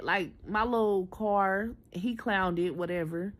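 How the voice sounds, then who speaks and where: A woman in her twenties tells a personal story in a chatty, animated storytime style. She talks directly to her viewers at a medium pitch. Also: a little slow, hardly any pauses. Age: 20s. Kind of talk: casual storytime.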